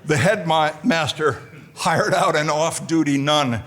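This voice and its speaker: A man's voice: a little high, slow, noisy background. A middle-aged American man from New Jersey, introducing a colleague at a formal lecture with dry, self-deprecating humor. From United States, New Jersey. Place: lecture hall.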